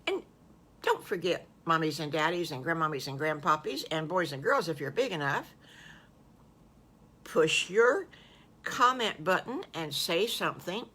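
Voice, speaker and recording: An older woman improvising a children's story in a folksy, animated way, full of exclamations. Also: low-pitched, a little slow, slightly rough.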